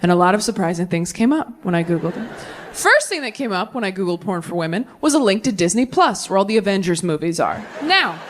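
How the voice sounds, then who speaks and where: A young adult woman performing a stand-up comedy set, telling stories and acting out bits of dialogue with animated bursts. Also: mid-range voice, fast talker, a little hiss or hum. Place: live comedy venue with audience.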